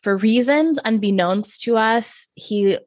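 A woman's voice: fairly high pitch, slow pace, no room sound, studio quality. A woman in her thirties co-hosting a podcast, casually retelling a movie plot with wry asides. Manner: wry, self-mocking, summarizes plots. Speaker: podcast co-host. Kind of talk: casual chat.

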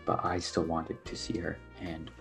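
Deep-voiced young man, earnest and hesitant. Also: completely flat delivery, unhurried, vocal fry, a bit bright, soft background music. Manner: earnest, hesitant, many fillers. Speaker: podcast guest. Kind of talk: personal storytelling on a podcast.

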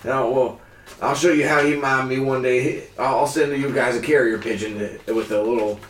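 A man's voice: medium pitch, fairly even intonation, normal speed, far from the mic, pitched above the performer's own voice, close to an everyday voice. A man voicing a cheerful, folksy old male farmer who rambles and stumbles over his words. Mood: chatty, flustered. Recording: echoey room, off-mic, faint hiss.

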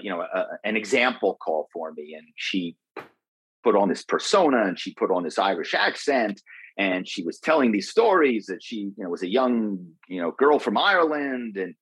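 A middle-aged interview guest tells old stories conversationally in a low, husky voice with a fairly bright tone, animated yet unhurried. He rambles and doubles back with fillers and restarts. The low-quality recording is dry and close, with no room sound at all.

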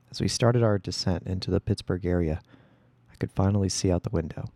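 Man, gravelly low voice, mellow dark tone, first-person story narration. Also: quick pace, no room sound. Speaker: audiobook reader.

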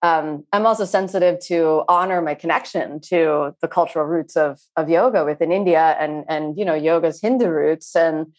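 A woman yoga teacher speaking in an interview, earnest and searching, with frequent pauses and restarts. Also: sits low, a little mellow. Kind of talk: reflective interview talk.

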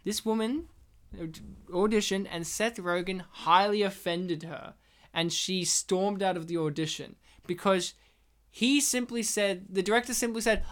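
A woman's voice: mid-range voice, a little slow. A woman from Poland, co-hosting a casual film chat, joking and laughing often as she acts out scenes. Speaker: podcast co-host. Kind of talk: casual chat about films.

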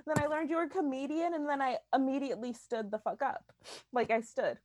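A young woman co-hosts a podcast in loose, lively conversation, laughing often and swearing without a second thought. Her voice sits a little high, and the recording is dry and close. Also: fairly quick, dry recording. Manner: laughs often, swears freely, animated storytelling. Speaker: podcast co-host. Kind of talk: casual chat.

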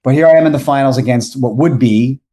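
A man's voice: medium pitch, quick pace, dark tone. A man in his forties from South Florida, a podcast guest telling a long story casually, rambling and correcting himself as he goes.

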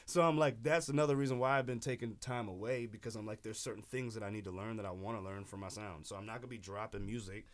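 A man from southeastern Michigan, a guest rapper in casual studio chat, with a light lisp, talking in an animated, profane way that swings loud when he gets excited. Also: lowish voice, fast talker, hardly any pauses.

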